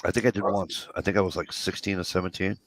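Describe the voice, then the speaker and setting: A man's voice: deep voice, fairly even intonation, fast, fairly bright tone, a little hiss or hum. A middle-aged man, telling rambling, profane stories and acting out the dialogue. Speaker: podcast co-host. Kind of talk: casual storytelling chat.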